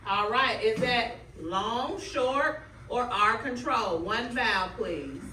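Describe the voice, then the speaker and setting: Bright-voiced woman leading a classroom drill. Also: on the high side, slow, slight background noise. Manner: stretches out target words clearly. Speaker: student teacher. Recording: echoey room, mic far off.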